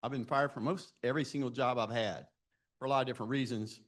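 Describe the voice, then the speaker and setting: He talks fast, with a steady tone and medium pitch. In his sixties, he's telling students at a live event self-deprecating stories from his working life, pausing to ask them direct questions.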